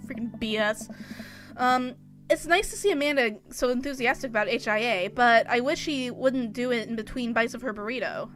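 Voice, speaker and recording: Young woman gamer, high bright voice, jokey let's play chatter. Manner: chatty, jokey, laughs often. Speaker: gameplay video host. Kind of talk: let's play commentary and reading.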